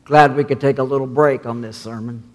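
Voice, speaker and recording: A male pastor preaching a sermon, measured as he reads scripture, with a long reverb in a sanctuary. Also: medium pitch, fairly even intonation.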